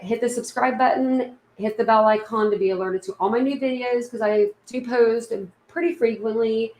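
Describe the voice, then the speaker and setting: A woman's voice: on the high side, vocal fry, a little mellow, roomy sound, a little hiss or hum, low-quality recording. A woman with a Southern accent hosting a casual livestream from home, rambling and chatty with lots of fillers. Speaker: livestream host. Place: room at home.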